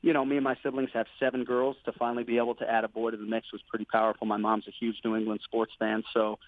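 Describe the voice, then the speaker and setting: A man's voice: medium pitch, flat delivery, fast, no room sound. Man talking over a tinny phone line. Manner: earnest, enthusiastic, with fillers like "you know" and "man". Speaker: MMA play-by-play commentator, guest. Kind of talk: casual interview chat.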